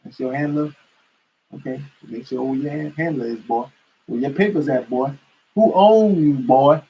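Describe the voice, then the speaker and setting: A man's voice: mid-range voice, moderate pace, muffled recording, slight background noise, close to an everyday voice. A man putting on a menacing male authority figure who interrogates and taunts someone. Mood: taunting. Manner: taunting, demanding.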